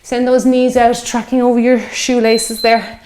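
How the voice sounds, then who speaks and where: Leading a workout session, a woman in her fifties counts reps out loud, chatty and encouraging, winded from joining in. She's a fitness instructor with a mellow, somewhat high voice, a level tone and an unhurried delivery.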